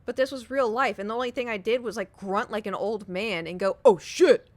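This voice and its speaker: A young adult woman streamer telling a story in casual chat with her viewers, animated and giggly, swearing casually. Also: medium pitch, fairly quick, dry recording.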